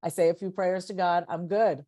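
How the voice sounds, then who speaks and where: Lively podcast guest lady, kinda low voice, stumbles over repeated words when she gets going. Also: brisk. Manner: coaches herself out loud. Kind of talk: casual conversation.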